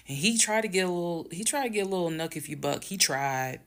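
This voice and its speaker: Woman with a gravelly, creaky voice for a storytime vlog; casual, speaks straight to viewers, heated and emphatic. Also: low voice. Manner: emphatic, swings loud and fast when heated; addresses viewers as "y'all". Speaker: storyteller recounting her marriage.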